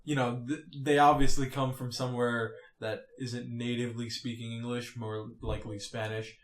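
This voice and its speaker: Soft-spoken man in a roomy room. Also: mid-range voice, flat delivery, moderate pace, slight background noise. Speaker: podcast guest. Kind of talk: casual banter with friends.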